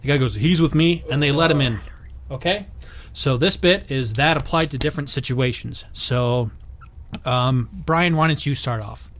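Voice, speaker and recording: A man's voice: mid-range voice, moderate pace, a bit bright. A man hosting a casual comedy podcast, setting up bits in a laid-back, swearing manner. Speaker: podcast host.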